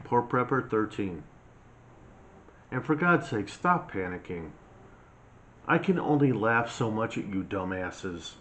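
A man's voice: fairly low pitch, very animated, slow pace, pauses often, a bit bright. A man ranting in a blunt, mocking, scolding monologue as a prepper vlogger. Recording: slightly dull lo-fi sound, faint hiss.

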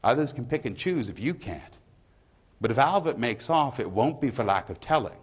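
Gossipy working-class pub woman, read by a man, loud emphatic poetry reading. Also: mid-range voice, big pitch swings, moderate pace, breathy edge. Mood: gossiping.

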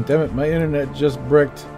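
A man streaming a game live, chatting and joking with viewers in a casual, animated way while sounding tired. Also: on the high side, moderate pace. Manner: animated, jokey, chats with viewers. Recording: game soundtrack music playing behind. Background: game soundtrack music.

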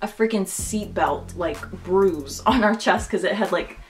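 A woman's voice: mid-range voice, a little slow, soft background music. A young woman telling a casual storytime, chatty and full of "like". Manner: chatty, heavy use of "like". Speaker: vlogger.

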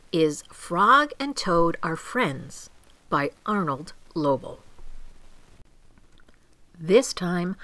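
An older woman reading a children's story aloud, gentle and expressive. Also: lowish voice, no echo, low-quality recording. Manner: gentle, expressive, clearly paced.

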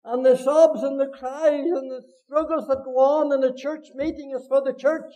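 A Northern Irish man preaching a passionate sermon from the pulpit. His voice sits very high yet sounds dark and mellow. He swings between ringing cries and hushed, low asides. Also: fairly even intonation, normal speed, poor audio. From Northern Ireland. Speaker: pastor. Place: church meeting hall.

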